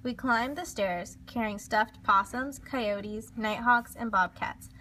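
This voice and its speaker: A woman reading a children's storybook aloud in a lively, expressive way. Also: on the high side, takes it slowly, a little hiss or hum. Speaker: storybook reader.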